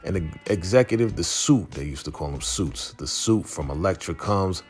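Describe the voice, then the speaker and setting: Deep-voiced man recapping a show. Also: expressive, normal speed, darkish tone, faint music behind. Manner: slangy storytelling, acting out quoted lines. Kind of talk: casual episode recap.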